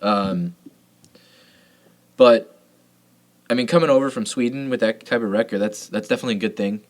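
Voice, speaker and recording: A man's voice: on the low side, normal speed. A man co-hosting a sports podcast, chatting casually and reeling off player names and stats. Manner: laid-back, rattles off player names and stats. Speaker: podcast co-host.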